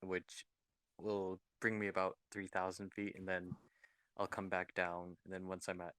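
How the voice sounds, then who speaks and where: A man's voice: sits low, monotone, moderate pace, a bit bright, smooth, no echo, studio quality. A man playing a tabletop game, explaining his moves step by step in a matter-of-fact way. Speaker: player.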